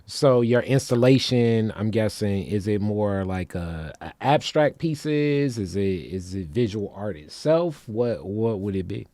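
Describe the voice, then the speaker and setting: A man with a low, mellow voice hosts a casual conversation. He asks his questions haltingly and restarts them, and the sound is dry and close. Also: expressive, dry recording. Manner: short affirmations and halting questions. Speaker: interview host.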